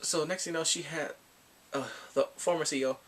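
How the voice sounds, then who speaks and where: A man's voice: on the high side, fairly even intonation, brisk. A man casually recapping drama episodes, rambling and filling his talk with "like" and acted-out quotes. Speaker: drama reviewer.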